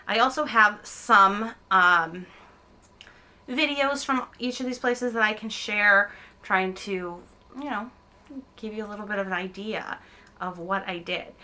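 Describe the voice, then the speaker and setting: A woman's voice: mid-range voice, measured pace, sharp tone. Chatty woman rambling while she knits. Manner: rambling, chatty, frequent ums and self-corrections. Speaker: podcast host. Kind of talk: casual chat while knitting. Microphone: camera mic.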